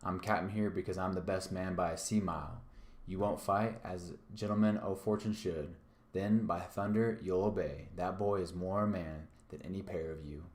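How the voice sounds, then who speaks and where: A man's voice: low voice, fairly even intonation, normal speed, close to an everyday voice. A man voicing a cunning old pirate captain who roars commanding threats, read aloud in an echoey room. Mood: roaring. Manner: gruff, commanding, roaring threats. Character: Long John Silver, cunning menacing old pirate captain.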